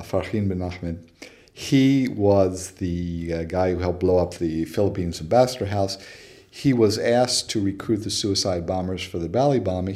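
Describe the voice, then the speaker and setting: A man's voice: deep voice, warm tone. A man being interviewed, telling anecdotes with frequent fillers and acting out quoted dialogue. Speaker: interview guest, researcher. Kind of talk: conversational storytelling interview.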